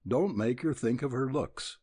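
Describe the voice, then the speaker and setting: A man voicing a sensible, motherly frontier wife who scolds gently. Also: mid-range voice, measured pace, slightly rough, no echo, studio quality, voice pushed up. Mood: stern. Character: firm motherly older frontier woman.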